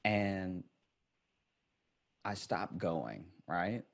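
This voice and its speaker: A man's voice: low voice, lively intonation, drawn-out words, vocal fry. A man telling a childhood story in casual chat, hesitant and rambling with many "like"s.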